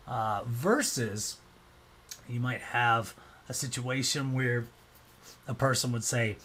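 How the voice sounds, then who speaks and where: Husky-voiced man explaining casually. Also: mid-range voice, slow pace, a bit bright. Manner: loose and conversational, acts out quoted reactions. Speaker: presenter.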